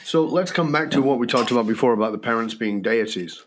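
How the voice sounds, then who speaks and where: A man's voice: medium pitch, fast talker, a little hiss or hum. A man being interviewed as a guest, telling a personal story in an earnest, reflective teaching tone. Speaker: guest, leadership coach.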